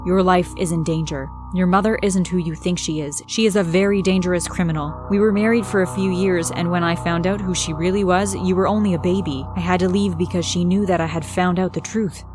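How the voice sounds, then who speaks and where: A woman voicing a frantic father in hiding in an animated story, speaking urgently and pleadingly in her ordinary voice. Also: fairly low pitch, brisk, few pauses, music in the background, lightly acted.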